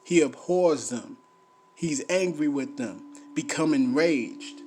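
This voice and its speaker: A man delivers an informal scripture teaching at a slow, deliberate pace. He hammers key phrases by repeating them, rising to loud preaching, then drops to low muttering as he reads. A faint background noise sits under his voice. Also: lively intonation. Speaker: bible teacher.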